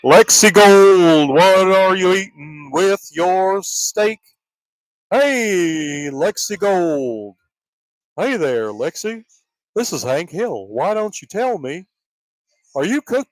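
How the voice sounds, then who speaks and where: An uptight, middle-aged Texan cartoon dad, as a man puts him on, with a high, tight voice that drawls slowly. He is fussy and stern in manner. The sound is dry and close. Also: animated, no room sound, low-quality recording.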